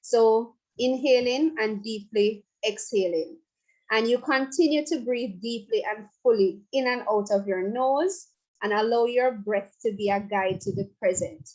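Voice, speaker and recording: A woman's voice: fairly high pitch, darkish tone, low-quality recording. A woman psychologist, leading a guided relaxation talk in a chatty way with playful asides. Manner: conversational, laughs and playful asides.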